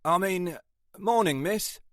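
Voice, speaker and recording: A man's voice: high voice, animated, slow, fairly bright tone, dry recording, clean studio sound, pitched above the performer's own voice, heavily acted. A man voicing an easygoing, chatty male detective constable in an audiobook. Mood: cheerful.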